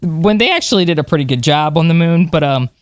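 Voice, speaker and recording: A podcast co-host telling stories in an animated way, with plenty of fillers and laughs. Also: mid-range voice, quick pace, dry recording, clean studio sound. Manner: animated storyteller, many fillers, laughs while talking. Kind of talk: casual chat.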